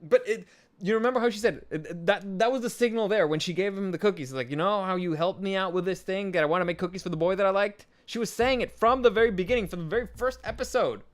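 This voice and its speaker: Excitable man with a high voice. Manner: argumentative, excitable, quick to interrupt. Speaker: co-host. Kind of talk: casual anime discussion.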